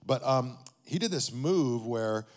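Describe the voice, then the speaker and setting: A man's voice: mid-range voice, lively intonation, slow pace, a little mellow, long reverb tail. A man, a pastor, telling a story in a sermon in a conversational way, often checking in with his listeners.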